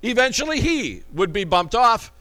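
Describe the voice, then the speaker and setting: High-voiced man preaching emphatically. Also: very animated, moderate pace, pushed and bright, rough recording. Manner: emphatic, conversational preaching with rhetorical questions. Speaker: pastor. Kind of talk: sermon.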